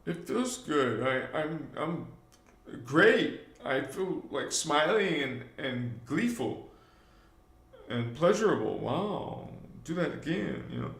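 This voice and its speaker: A man with a fairly high, creaky, fairly bright voice speaks slowly in a sing-song manner, his words reverberating around the room. As the host of a live spiritual stream, he wanders loosely through fillers and asides while preaching to viewers directly.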